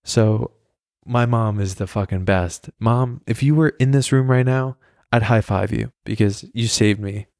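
A man's voice: on the low side, a little slow, creaky, darkish tone, no room sound, studio quality. A man hosting a podcast alone, telling a story in a rambling, profane way and laughing at himself. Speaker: podcast host. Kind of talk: casual solo storytelling.

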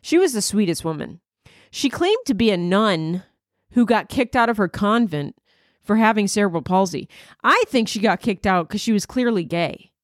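A woman's voice: mid-range voice, expressive, normal speed, no room sound, clean studio sound. A woman comedian hosting her podcast, rambling through a crude, self-mocking comedic monologue. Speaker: comedian host.

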